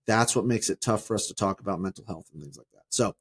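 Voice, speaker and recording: A man's voice: fairly low pitch, fast, husky. A man co-hosting a podcast, chatting and joking with plenty of fillers. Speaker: podcast co-host. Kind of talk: casual podcast chat.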